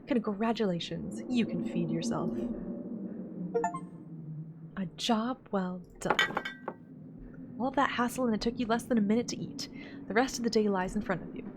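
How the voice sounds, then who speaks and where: A woman with a medium-pitched voice plays a horror visual novel as a let's play, reading the narration aloud and then chatting and laughing about her choices. She speaks at normal speed with long pauses, and the recording is very noisy.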